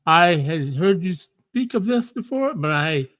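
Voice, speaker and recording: A man chats casually, stumbling and restarting as he answers. His voice sits a bit above average in pitch. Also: very animated, a bit bright. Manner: hesitant, halting replies. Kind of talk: casual chat.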